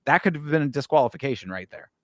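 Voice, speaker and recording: A man's voice: mid-range voice, animated, racing, a bit bright, no echo, studio quality. A man co-hosting a casual fight breakdown, easygoing and agreeable, with many hedges. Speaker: co-host.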